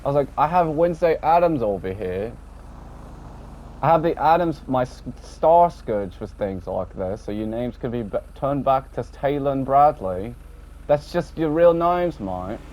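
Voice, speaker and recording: A man rambling casually about an online game session, swearing often and tacking on a low, dropped "mate". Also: animated, unhurried, a little mellow. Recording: dull lo-fi audio with faint background noise.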